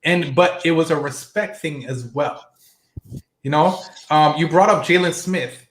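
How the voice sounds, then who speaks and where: A man's voice: on the high side, a little slow, fairly bright tone, echoey room. A man appearing as a guest on a casual sports podcast, chatty and often checking that the listener agrees.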